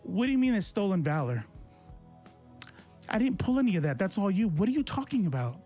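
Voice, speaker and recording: A man's voice: sits high, big pitch swings, fairly quick, warm tone, faint music behind. A man in his forties, a political streamer, ranting to his chat in a confrontational, sarcastic way. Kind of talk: casual livestream rant to chat.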